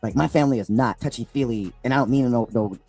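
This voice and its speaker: Emotional man in his fifties, husky and fast, confessional livestream monologue, near crying. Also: medium pitch, a little mellow, no echo, soft background music. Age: 50s. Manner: rambling, repeats "man", breaks into tearful outbursts. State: close to crying. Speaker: streamer on a clipped livestream.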